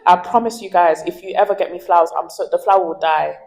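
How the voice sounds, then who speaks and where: Fast and fairly low-pitched, this woman in her twenties is a lively interview guest who dramatizes people's words while telling her stories. The candid conversation comes through on a low-quality recording.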